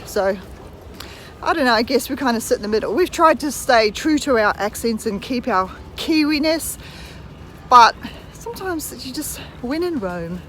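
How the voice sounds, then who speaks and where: A woman's voice: fairly high pitch, lively intonation, moderate pace, fairly bright tone, rough recording. Woman, New Zealand accent, 30s, rambling casual vlog chat, walking outside, phone mic, faint street noise. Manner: chatty, rambling, walking while talking. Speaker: vlogger.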